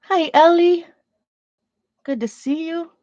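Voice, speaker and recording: A woman's voice: very high-pitched, takes it slowly, dark tone, dry recording. Woman host, casual rambling livestream talk, sniffling, dry and a bit muffled. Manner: chatty, rambling, greets viewers, thinks aloud. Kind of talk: casual livestream chat while painting.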